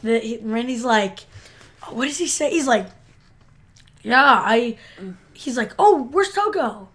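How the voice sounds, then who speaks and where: A woman's voice: a little high, takes it slowly, bright, forceful tone. A woman co-hosting a podcast in casual chat, hesitant and rambling. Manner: hesitant, rambling, many fillers. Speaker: podcast co-host.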